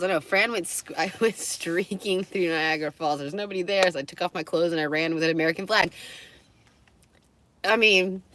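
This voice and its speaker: A woman's voice: fairly low pitch, fairly bright tone, slight background noise. A woman livestreaming to her viewers, chatting in a rambling way, laughing often and swearing freely. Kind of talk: rambling live-stream chat.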